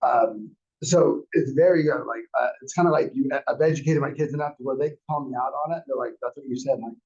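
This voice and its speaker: A man's voice: mid-range voice, fairly quick, gravelly, a little mellow, breathy edge. A man in his forties teaching a class, rambling through personal anecdotes and acting out quotes in a dull lo-fi recording. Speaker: real estate class instructor. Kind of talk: casual storytelling lecture.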